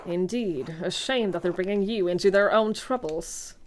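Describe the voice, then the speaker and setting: A woman's voice: mid-range voice, normal speed, a little hiss or hum, pitched below the performer's own voice, lightly acted. A woman voicing a stern older male priest from a video game, reading his dialogue aloud in a firm tone.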